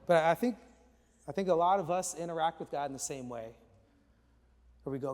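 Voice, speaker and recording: High-voiced pastor in an echoey hall. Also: male voice, brisk, long pauses. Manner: animated, chatty storytelling with slang. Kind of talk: sermon with humorous storytelling. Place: church auditorium. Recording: echoey large church hall.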